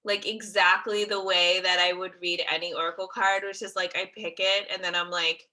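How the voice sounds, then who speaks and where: A woman's voice: fairly low pitch, little pitch movement, normal speed, sharp tone, rough recording. A young adult woman hosting a live interview, chatting casually with frequent laughter. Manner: chatty, laughs often, upbeat. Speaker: host.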